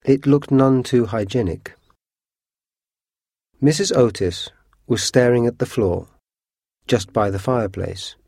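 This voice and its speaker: A man narrating a storybook in a measured, expressive reading. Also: mid-range voice, gravelly, breathy edge, no echo, clean studio sound.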